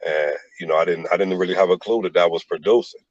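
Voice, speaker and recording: A man telling stories in a relaxed interview, with lots of "like" fillers. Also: sits low, quick pace, no echo, lo-fi sound. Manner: laid-back storytelling with many "like" fillers. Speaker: rapper and producer guest. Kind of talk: casual interview talk.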